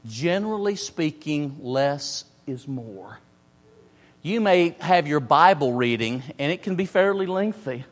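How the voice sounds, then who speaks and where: A man's voice: a little high, lively intonation, unhurried. A man preaching a sermon, emphatic, repeating phrases and stressing words in turn. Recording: long hall reverb.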